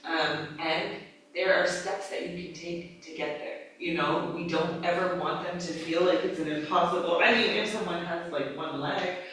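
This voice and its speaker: A woman's voice: lowish voice, moderate pace. A woman training yoga teachers, talking casually and acting out her cues, with frequent laughs. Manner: casual, lively, acts out cues, laughs often. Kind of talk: live teacher-training class talk. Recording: echoey room, mic far off.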